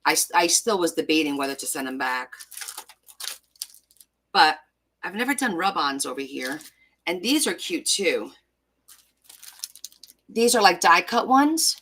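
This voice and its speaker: In this casual crafting chat, a vlogger works on a junk journal, gushing over stickers and talking to herself as she sorts them, in a self-described valley-girl lilt. Her voice sits low, sounding pushed and bright, over a little hiss or hum.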